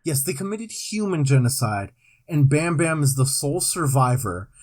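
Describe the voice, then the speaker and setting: A young man co-hosting a podcast in casual chat, laying out absurd facts deadpan and sighing between them. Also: fairly high pitch. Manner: slow, lively deadpan delivery of absurd facts, sighs. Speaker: podcast co-host.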